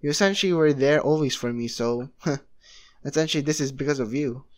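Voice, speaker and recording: A man's voice: mid-range voice, brisk, close to an everyday voice. A man voicing a cheerful devil friend who rambles with lots of fillers, in a fan story read aloud. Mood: friendly.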